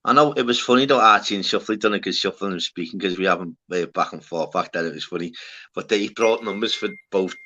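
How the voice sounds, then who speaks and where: A man's voice: sits low, fast, bright, forceful tone, muffled recording. A man hosting a casual livestream chat, rambling and slangy, calling everyone "lad". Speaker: livestream host.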